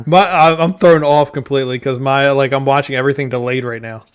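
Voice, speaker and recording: A man co-hosting a sports podcast, easygoing and quick to laugh at his own slip-ups. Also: mid-range voice, fairly even intonation, clear, resonant tone. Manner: easygoing, self-deprecating. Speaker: podcast co-host. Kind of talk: casual sports chat.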